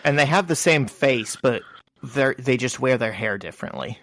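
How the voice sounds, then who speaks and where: Relaxed, rambling podcast co-host man. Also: medium pitch, normal speed, dry recording, clean studio sound. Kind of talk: casual chat.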